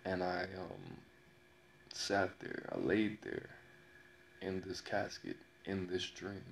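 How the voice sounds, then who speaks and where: A man telling a personal story in a slow, dramatic way, repeating phrases and pausing often. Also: deep voice, big pitch swings, creaky, a little hiss or hum. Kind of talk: personal story told to camera.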